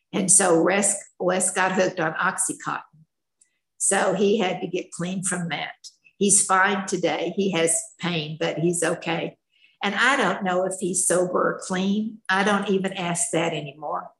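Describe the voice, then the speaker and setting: A woman's voice: on the low side, gravelly, a bit bright. An older woman, a retired schoolteacher, telling her life story in a candid, plainspoken, folksy way. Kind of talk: personal storytelling, candid share. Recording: echoey room.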